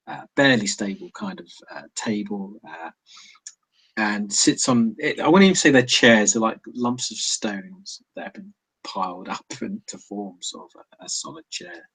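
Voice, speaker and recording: Husky low-voiced man running a tabletop game. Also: lively intonation, normal speed, low-quality recording. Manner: hesitant, many fillers and restarts, laughs often. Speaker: game master. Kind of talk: narrating a tabletop role-playing game.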